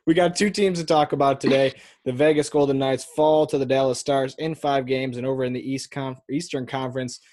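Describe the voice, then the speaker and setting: A man's voice: medium pitch, steady tone, a little fast, hardly any pauses, darkish tone, no room sound. A young man hosts a casual sports podcast with upbeat, joking banter. His voice sits in the middle range and is recorded close and dry, with no room sound at all. He keeps the talk moving between his guests. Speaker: podcast host. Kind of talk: casual chat.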